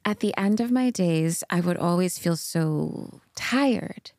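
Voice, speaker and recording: An actress playing a salesy female wellness entrepreneur in a scripted comedy, pitching cheerfully and brushing off concerns. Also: animated, takes it slowly, a little mellow, dry recording, clean studio sound. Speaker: wellness company founder guest.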